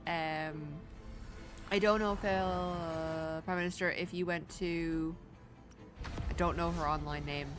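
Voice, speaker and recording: Irish woman streamer, lowish voice, lively yarn-spinner, soft music underneath. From Ireland. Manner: animated storyteller, jumps high when quoting people. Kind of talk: casual chat while gaming.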